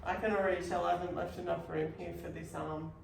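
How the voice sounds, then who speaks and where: A woman's voice: lowish voice, little pitch movement, fast talker, gravelly, a little mellow, a little hiss or hum. Chatty woman art teacher, roomy and distant. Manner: chatty, encouraging, talks through each step. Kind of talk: unscripted art class. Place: art studio.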